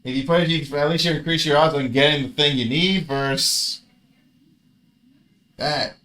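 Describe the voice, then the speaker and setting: A man's voice: on the high side, moderate pace, bright, forceful tone. A man casually commentating his own card game match, grumbling and swearing at his bad luck.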